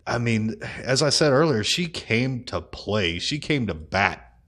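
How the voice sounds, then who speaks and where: A man's voice: mid-range voice, sing-song, unhurried, fairly bright tone. A grown man hosting a casual commentary vlog, swearing freely and laughing at his own crude jokes. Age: adult. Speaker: vlog host.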